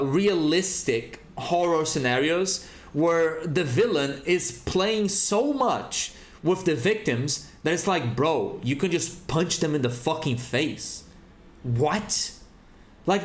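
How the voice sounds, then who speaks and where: Animated, cursing man streamer. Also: a little high, reverberant. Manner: profane, animated ranting. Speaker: game streamer. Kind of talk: casual chat while gaming.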